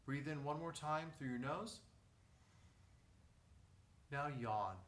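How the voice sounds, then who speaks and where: A man teaching a vocal lesson, guiding breathing and posture in a calm, step-by-step way. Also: on the high side, slow. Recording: echoey room, mic at a distance.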